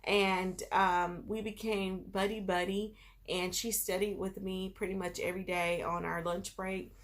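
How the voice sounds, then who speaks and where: A woman's voice: medium pitch, little pitch movement, measured pace. A woman vlogger telling a personal story in a casual, chatty way, full of filler phrases.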